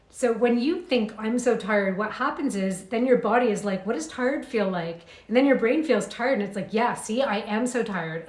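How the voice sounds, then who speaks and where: A young adult woman giving a lively, conversational coaching talk, acting out inner thoughts as she goes. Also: fairly high pitch. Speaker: mindset coach. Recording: roomy echo.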